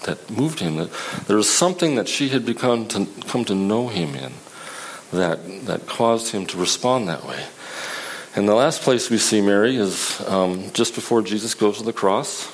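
A man preaching a sermon in a conversational, halting way, often restarting his sentences. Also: on the low side, a little hiss or hum, poor audio.

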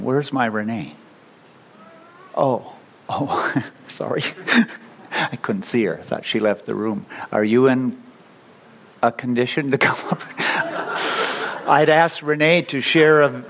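Slow-spoken male pastor preaching. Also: mid-range voice. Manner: unhurried, leads the congregation in call-and-response. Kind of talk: sermon.

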